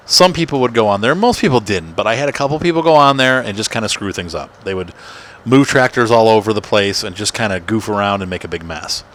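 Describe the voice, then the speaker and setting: A man's voice: on the low side, a bit bright, slight background noise. A man chatting casually as he plays and hosts his gaming channel, rambling and poking fun at himself. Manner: chatty, rambling, self-deprecating. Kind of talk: casual gameplay commentary. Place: home room. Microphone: desk microphone.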